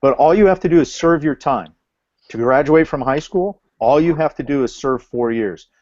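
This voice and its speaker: A man, an educator in a casual video call discussion, laying out an extended argument in a measured, explanatory way. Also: a little high, a little mellow, no echo. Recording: dull dry video call audio.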